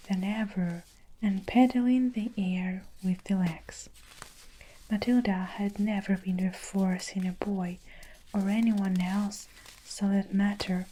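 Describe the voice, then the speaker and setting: Slow whispering woman storyteller. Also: medium pitch, slight background noise, low-quality recording. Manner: slow, hushed storybook narration. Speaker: ASMR storyteller. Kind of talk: whispered role-play.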